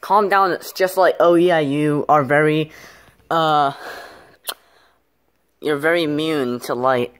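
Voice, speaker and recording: A woman's voice: low voice, takes it slowly, long pauses. A woman performing an improvised plush puppet skit, talking hesitantly with many filler words. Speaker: plush puppet show creator.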